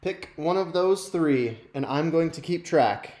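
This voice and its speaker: A man's voice: fairly high pitch, expressive, a little slow, darkish tone. A man hosting a live youth ministry show, chatting casually and self-deprecatingly straight to viewers. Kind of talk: casual live-stream chat. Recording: roomy echo.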